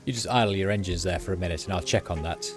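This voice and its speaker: A man voicing a gruff, hostile male door guard who speaks curtly and dismissively. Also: low-pitched, racing, over music, natural voice. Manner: curt, dismissive.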